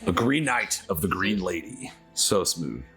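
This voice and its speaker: Lively, rambling male game master. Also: deep voice, unhurried, husky, faint music behind. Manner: casual, filler-heavy, lively storytelling. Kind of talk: narrating a tabletop game.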